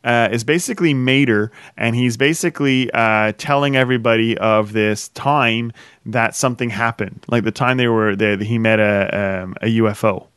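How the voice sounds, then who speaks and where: A man's voice: medium pitch, normal speed, a bit bright, clear, resonant tone, no echo, studio quality. A man hosting a podcast in casual chat, rambling, repeating himself and laughing often. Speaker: podcast host.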